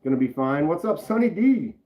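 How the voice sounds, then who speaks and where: A man's voice: a little high, big pitch swings, a little fast. A man casually chatting on a live stream, rambling and greeting viewers from the chat by name. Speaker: knife channel live streamer. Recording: roomy, slightly dull sound.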